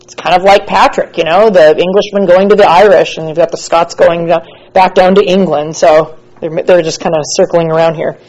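A woman's voice: fairly low pitch, moderate pace, highs cut off. Chatty American woman teaching a class. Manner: chatty, relaxed, frequent fillers and asides. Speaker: church history teacher. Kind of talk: casual classroom lecture.

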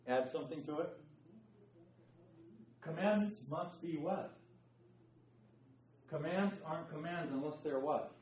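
A man's voice: on the high side, takes it slowly, long pauses, a little mellow, a little hiss or hum. Emphatic man teaching a Bible class. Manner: emphatic, quizzes the class, keeps asking okay. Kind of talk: interactive Bible lesson. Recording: echoey room, distant dull mic.

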